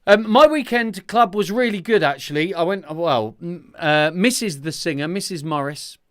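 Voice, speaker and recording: A man's voice: high voice, normal speed. A man leading a singing group, chatting casually to viewers on a livestream from home, greeting people by name and poking fun at himself. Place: room at home with a green screen.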